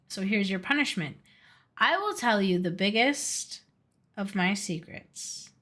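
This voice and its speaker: A woman reading a storybook aloud, voicing a stern regal Ice King in a slow, hushed, solemn manner. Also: mid-range voice, lively intonation.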